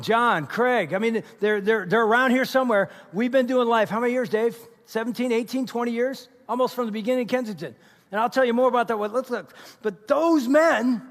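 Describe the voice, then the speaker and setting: A middle-aged man preaching a sermon to his congregation, talking in an animated, conversational way with asides to the crowd. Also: very high voice. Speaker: pastor. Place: large church auditorium. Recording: reverberant church auditorium.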